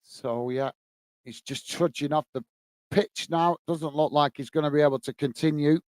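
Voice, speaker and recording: A man's voice: fairly high pitch, steady tone, moderate pace, a little mellow, no room sound. A man from England hosting a live football watchalong, casually commentating the play and chatting to viewers. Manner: casual, chatty, calls viewers mate and guys. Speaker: watchalong host.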